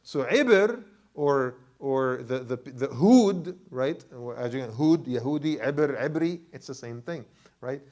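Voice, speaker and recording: A man's voice: medium pitch, animated, takes it slowly, darkish tone. A man, an imam, teaching Quran commentary to a class, asking them questions and often repeating words as he goes. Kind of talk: classroom lecture with questions to the audience.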